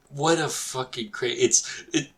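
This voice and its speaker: A man co-hosting a podcast in casual chat, crude and joking, swearing freely. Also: medium pitch. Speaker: podcast co-host and storyteller.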